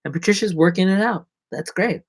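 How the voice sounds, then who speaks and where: A man chatting casually and rambling playfully on a solo livestream. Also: fairly quick. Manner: rambling, playful, drops to whispers and jumps to squeaky voices. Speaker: livestreaming vlogger.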